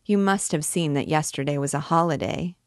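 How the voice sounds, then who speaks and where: A woman reading aloud voices a kind-hearted, insistent townswoman who talks in a gentle, coaxing way. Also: deep voice, a little fast, no echo, clean studio sound.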